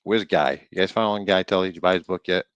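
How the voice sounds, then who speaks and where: A man's voice: deep voice, clear, resonant tone, no room sound, muffled recording. A man streaming live, reading aloud from an old book, stumbling over words and breaking off into jokey asides. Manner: reads aloud haltingly, stumbling over words and riffing jokingly.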